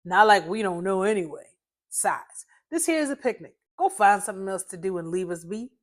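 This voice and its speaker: A woman's voice: mid-range voice, lively intonation, a little fast, lightly acted. A woman voicing Uncle, a blunt, wry old man telling family history in a story reading.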